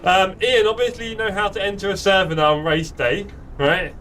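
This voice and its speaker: Higher-voiced guy bantering away on a racing stream, sounds a bit off-mic, faint hiss and car noise. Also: steady tone, brisk, a bit bright, distant mic. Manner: chatty, playful banter while driving. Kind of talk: live gameplay chat. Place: home sim racing setup.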